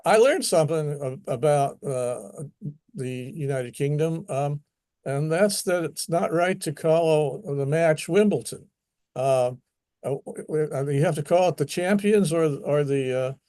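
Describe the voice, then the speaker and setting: An American man hosting a casual chat in a fairly high voice. The sound is dry and close with no room echo, and he hesitates often, filling gaps with "uh" and "um". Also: a little slow, mellow. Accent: American English. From United States. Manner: hesitant, lots of uh and um fillers. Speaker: host.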